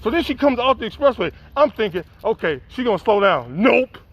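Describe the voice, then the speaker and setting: A middle-aged man, telling a profane, animated spoken-word story and acting out the dialogue. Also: high-pitched, brisk, no echo, dull audio. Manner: acts out dialogue, rises in excitement.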